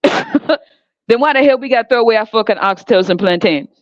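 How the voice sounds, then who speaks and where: A woman's voice: fairly high pitch, animated, moderate pace, no room sound. Woman podcaster, heated profane rant, sarcastic, dull lo-fi sound, dry. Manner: blunt, heated, sarcastic, swears heavily. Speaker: podcast host. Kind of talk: profane ranting monologue.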